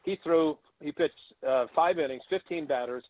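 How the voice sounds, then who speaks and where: Guesting on an interview show, an older ex-catcher tells extended anecdotes at a moderate pace, acting out those he quotes. His voice is fairly high, with no room sound, coming through a thin, phone-like line.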